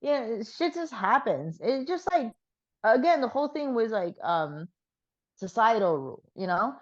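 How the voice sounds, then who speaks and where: A slightly hoarse woman chatting frankly as an interview guest, with plenty of fillers. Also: a little high, very animated, a little slow, muffled recording. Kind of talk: casual chat.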